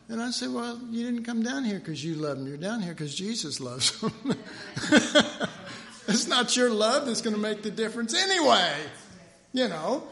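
A man preaching a sermon in a chatty, joking way, telling stories and doing quick voices of people in them. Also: very high-pitched, expressive, creaky, fairly bright tone. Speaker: pastor.

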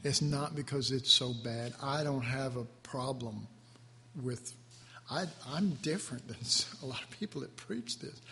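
A male preacher giving a sermon, slow and emotional, drawing out his words as he is moved to his core. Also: mid-range voice, creaky, pushed and bright, a little hiss or hum. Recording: reverberant hall, faint ambience.

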